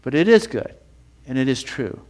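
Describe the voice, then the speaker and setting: A man teaching a sermon with feeling, building up with repeated phrases and reading scripture in a slower, lower voice. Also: sing-song, darkish tone. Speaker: Bible teacher.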